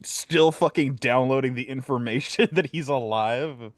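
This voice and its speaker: A man's voice: medium pitch, unhurried, no echo, studio quality. A man playing a tabletop game who casually narrates his character's actions, swearing a lot. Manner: profane, laughing, describing actions.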